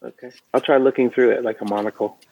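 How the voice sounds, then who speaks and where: A man's voice: medium pitch, fairly even intonation, quick pace, dry recording. Curious man on a dull lo-fi mic. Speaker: player. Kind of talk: casual tabletop play.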